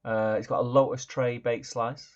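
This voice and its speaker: A man's voice: mid-range voice, little pitch movement, normal speed. A man co-hosting a hobby stream, upbeat and jokey as he reads out viewers' names. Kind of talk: casual chat. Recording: slightly dull, lo-fi audio.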